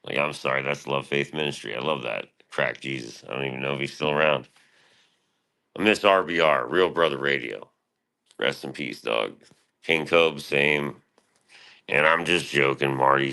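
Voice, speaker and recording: A man's voice: rumbling low, creaky, pushed and bright. A man streaming live, rambling casually and profanely about his past and his show, often quoting himself.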